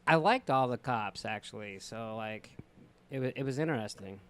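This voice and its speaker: A man's voice: medium pitch, animated, moderate pace, fairly bright tone, clean tone. A man co-hosting a casual podcast, blunt and teasing. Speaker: podcast co-host. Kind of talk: casual chat.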